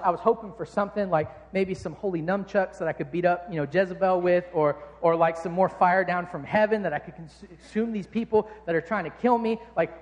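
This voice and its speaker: A man's voice: high voice, a little fast, few pauses, in a large hall, lo-fi sound. A man preaching a sermon in a casual, conversational, jokey way.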